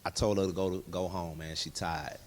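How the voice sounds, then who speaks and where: A man, a guest in a candid interview, telling his personal testimony and acting out dialogue in lively voices. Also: low voice, brisk. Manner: animated storyteller who acts out dialogue in other voices.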